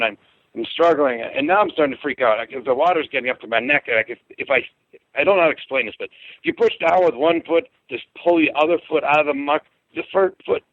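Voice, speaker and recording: A man telling a frightening personal story in a halting, casual way, often repeating words and restarting sentences. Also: no room sound. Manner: halting, repeats words and restarts, pitch jumps when excited. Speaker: guest telling an encounter story. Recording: dry phone-line audio.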